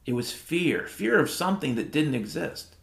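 A man's voice: on the high side, lively intonation, moderate pace, gravelly, fairly bright tone. Sardonic middle-aged man in a comic rant. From Washington state, USA. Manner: profane, sardonic, rambling. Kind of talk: comedic spoken-word monologue. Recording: roomy echo with music underneath.

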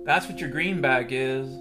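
A man hosting his own podcast in a candid, rambling monologue with frequent swearing. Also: mid-range voice. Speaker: podcast host.

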